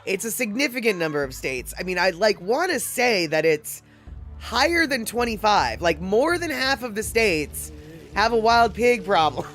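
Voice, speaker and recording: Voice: medium pitch, big pitch swings, normal speed, a bit bright, soft background music. A livestream host chatting casually and reading out viewers' comments, rambling along with lots of fillers and little laughs. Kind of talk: casual live-stream chat.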